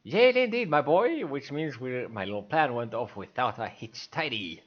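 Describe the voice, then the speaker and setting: A man voicing an excitable little male creature who bosses others like a stage director. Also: mid-range voice, moderate pace, dull audio, close to an everyday voice. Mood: gleeful. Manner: bossy stage-director bluster.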